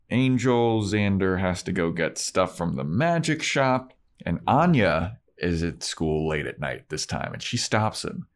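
Low-voiced casual podcast guy. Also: smooth. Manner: acts out scenes in quick put-on voices, swears freely. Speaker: podcast co-host. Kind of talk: casual recap chat.

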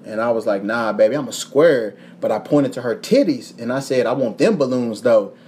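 A young man with a Kentucky accent tells a story on his podcast. He talks casually and curses a lot. His voice sits at an ordinary middle pitch, and he acts out the other people's lines as he goes. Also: normal speed, a little hiss or hum. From Kentucky, USA. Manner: profane, animated storytelling with voiced quotes. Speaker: podcast host.

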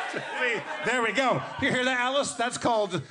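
A male comedian co-hosting on stage, spilling stories in quick stuttered bursts with plenty of swearing. His voice is on the high side for a man. A loud crowd reacts all around. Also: background noise. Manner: fast, stuttering, profane storytelling. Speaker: comedian podcast co-host. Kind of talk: live comedy podcast banter. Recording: live show with loud audience.

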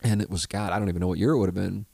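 A man's voice: sits low, steady tone, rapid-fire, creaky, mellow, husky, no echo, clean studio sound. A man hosting a podcast, rambling profanely through a listener email, full of restarts and asides. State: married. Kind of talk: casual rambling monologue.

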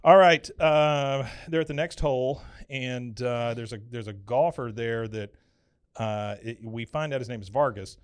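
A man's voice: medium pitch, measured pace, clear, resonant tone. A male podcast host recapping a cartoon episode in a chatty, casual way, often laughing.

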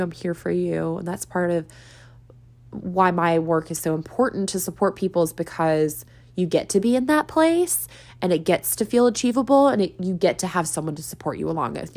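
A woman's voice: lowish voice, a little mellow. A woman hosting a solo spiritual podcast, talking in an earnest, chatty way and laughing often. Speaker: podcast host and spiritual coach. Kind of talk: casual solo podcast monologue.

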